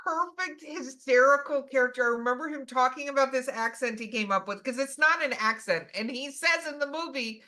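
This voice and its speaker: A woman co-hosting a podcast, telling stories in an animated, enthusiastic casual chat. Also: high-pitched, a little fast, hardly any pauses. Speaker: podcast co-host.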